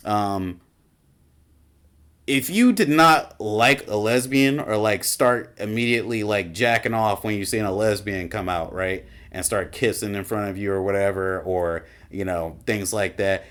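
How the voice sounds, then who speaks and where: A man's voice: medium pitch, a bit bright. A man doing a casual reaction commentary as a gaming YouTuber, ranting and swearing in an exasperated way.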